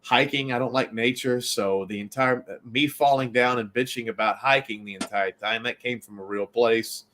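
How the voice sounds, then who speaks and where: A man from Baltimore tells a story in a casual interview, rambling and animated, looping back and restarting as he goes. His voice sits at an ordinary middle pitch for a man. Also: moderate pace, hardly any pauses. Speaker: filmmaker and actor.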